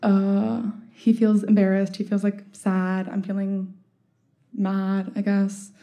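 A woman's voice: mid-range voice, completely flat delivery, slow pace, warm tone. Young woman telling a wry story. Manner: casual, lots of "like" fillers, wry laughs. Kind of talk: storytelling monologue.

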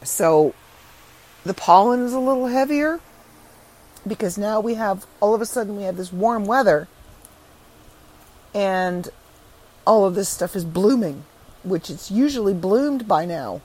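A middle-aged woman podcaster in casual solo chat, chatty and frank, her voice rough and congested from allergies. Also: medium pitch, lively intonation, measured pace, pauses often, darkish tone, poor audio.

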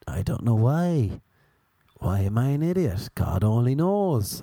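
A young man, hoarse from being sick, telling self-deprecating stories in a rambling podcast chat and acting out what people said in raised voices. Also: mid-range voice, very animated, normal speed, dark tone, no echo, clean studio sound. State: hoarse from illness. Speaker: podcast host. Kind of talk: casual comedic storytelling.

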